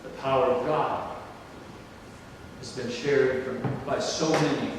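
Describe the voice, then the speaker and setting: An older male pastor delivering a slow, emphatic sermon, his voice rising on exclamations. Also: medium pitch, steady tone, noisy background. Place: large church or banquet hall. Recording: distant, echoey hall recording.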